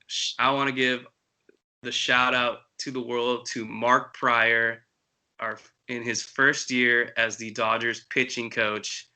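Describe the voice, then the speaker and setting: Brief: male sports podcast host, even and level, crisp bright tone. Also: mid-range voice, slow pace, poor audio. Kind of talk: casual sports chat.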